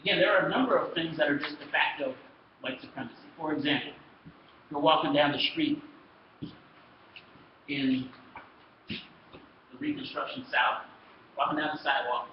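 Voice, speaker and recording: A man giving a history lecture to a class, lively and storytelling, acting out the people in his stories. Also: on the high side, moderate pace, pauses often, distant mic. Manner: lively storytelling, acts out quoted exchanges. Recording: echoey classroom recorded from afar, dull and noisy.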